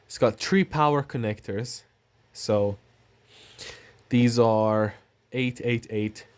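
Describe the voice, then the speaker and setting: A man's voice: mid-range voice, takes it slowly, darkish tone, smooth. A man casually talking through an unboxing, rambling and thinking aloud with fillers and the odd cough. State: coughing now and then. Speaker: tech channel host.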